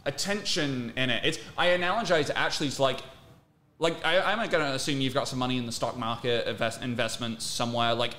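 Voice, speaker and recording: A man's voice: mid-range voice, brisk, bright, forceful tone, echoey room. A man who works as a fitness coach, guesting on a podcast and explaining with analogies and casual swearing.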